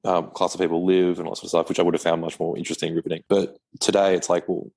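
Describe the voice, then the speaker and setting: A man with a low, gravelly voice full of vocal fry talks on a podcast. He rambles through his point in a stop-start way, with frequent restarts. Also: flat delivery, very fast, a little mellow. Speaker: podcast panelist. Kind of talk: casual book discussion.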